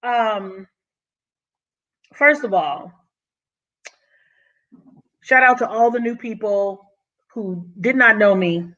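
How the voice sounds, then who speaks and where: A woman talks straight to her channel, bubbling over with excitement and slightly out of breath. She calls her listeners honey, in a mid-range voice. The sound is dull and lo-fi. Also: medium pitch, slow, long pauses. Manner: excited, effusive, says "honey" often. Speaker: YouTube vlogger. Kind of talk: casual vlog monologue.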